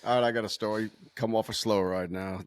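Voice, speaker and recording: A man's voice: on the low side, steady tone, fast talker, no room sound, clean studio sound. Joking man telling casual podcast stories. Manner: joking, crude banter. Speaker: podcast co-host, former police officer. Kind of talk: casual storytelling chat.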